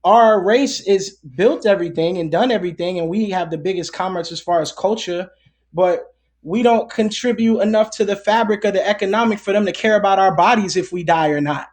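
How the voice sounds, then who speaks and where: Male guest, high voice, loose rambling delivery full of fillers. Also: a little fast. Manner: rambling, heavy on fillers and restarts. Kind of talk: casual conversation.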